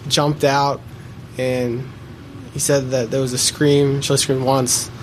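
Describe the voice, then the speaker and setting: Halting man testifying in court. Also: mid-range voice, level tone, noisy background. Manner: halting, many fillers and pauses. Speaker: trial witness.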